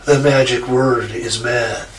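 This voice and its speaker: A man's voice: medium pitch, fairly even intonation, takes it slowly, natural voice. Man recounting a scheming sorcerer. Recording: echoey room, distant mic, faint noise.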